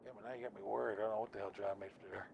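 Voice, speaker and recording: A man's voice: on the low side, fairly even intonation, very fast, vocal fry, a little mellow, slight background noise. A man streaming a game, chatting casually and telling stories with lots of swearing and laughter. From United States. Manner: profane, laughing storyteller. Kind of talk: casual chat while gaming.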